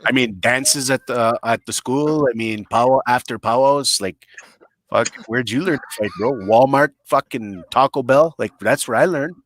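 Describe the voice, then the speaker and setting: A man's voice: mid-range voice, unhurried, fairly bright tone, no echo. A man on a podcast, telling crude comic stories in a blunt, boisterous, self-mocking way and swearing often. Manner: boisterous, swears a lot, acts out voices in stories. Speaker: podcast guest.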